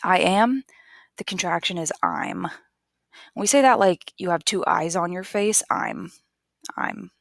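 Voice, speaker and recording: A woman teaching basic English grammar, explaining patiently and repeating each word slowly for learners. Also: fairly low pitch, expressive, no room sound, clean studio sound. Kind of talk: slow, careful classroom explanation.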